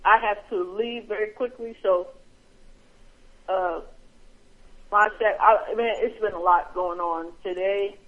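A man co-hosting a radio show speaks in quick, halting bursts of casual talk. His voice sits high, and it comes through a narrow, phone-like line. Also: steady tone. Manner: rushed, halting. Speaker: radio co-host. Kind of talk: casual chat.

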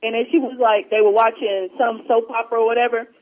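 Husky high-voiced woman, muffled recording. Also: quick pace. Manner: animated, acts out quotes in different voices. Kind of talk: casual chat, retelling movie scenes.

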